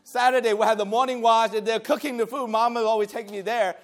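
A man from Taiwan, teaching a lively church lesson, talking back and forth with the class and laughing often. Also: extremely high pitch, fast talker.

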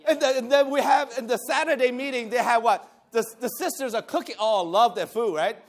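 A man from Taiwan, teaching a lively church lesson, talking back and forth with the class and laughing often. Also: extremely high pitch, fairly quick.

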